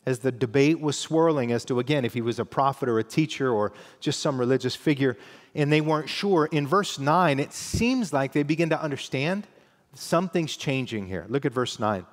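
A man's voice: mid-range voice, expressive, moderate pace, long reverb tail. A man preaching a sermon as pastor, teaching in a conversational way and reading scripture aloud with emphasis.

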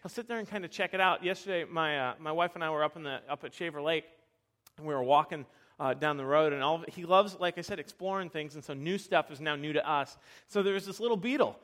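A young man preaching a sermon, telling animated, self-deprecating stories with frequent restarts. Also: a little high, fast. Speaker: pastor.

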